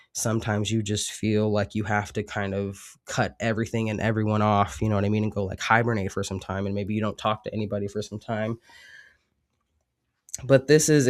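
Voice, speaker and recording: A man with a congested cold voice, giving a casual, rambling tarot reading with many fillers. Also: lowish voice. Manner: rambling, reflective, with frequent fillers. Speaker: tarot reader.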